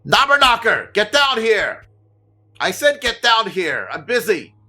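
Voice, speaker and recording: A man's voice: on the low side, animated, slow, a bit bright, husky, full character voice. A man voicing a stern, bossy elderly priestess in a tabletop game. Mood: shouting, bossy. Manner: commanding, clipped orders.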